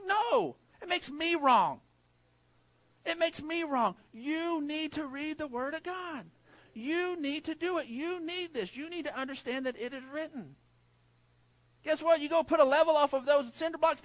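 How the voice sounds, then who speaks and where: A middle-aged male preacher giving a sermon, telling stories with energy, swinging from loud emphasis to hushed, low passages. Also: expressive, normal speed, dry recording.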